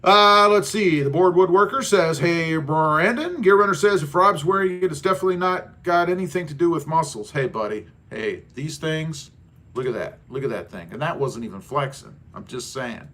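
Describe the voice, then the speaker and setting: A man with a fairly high, bright voice hosts a casual live stream. He reads chat comments aloud and answers them with easygoing, self-deprecating jokes. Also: expressive, normal speed. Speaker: livestream host.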